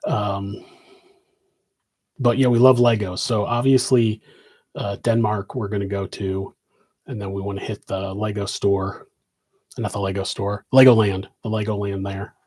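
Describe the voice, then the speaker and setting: A man's voice: lowish voice, level tone, a little slow, pauses often, darkish tone. A middle-aged man hosting a live question-and-answer stream, talking in a loose, meandering way with many restarts. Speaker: host answering viewer questions. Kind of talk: rambling live Q&A chat. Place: home office.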